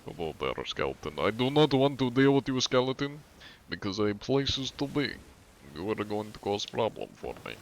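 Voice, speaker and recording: A young man putting on a gruff Russian-accented tough guy. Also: medium pitch, very animated, moderate pace. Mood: menacing. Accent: put-on Russian. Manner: stiff broken English, menacing.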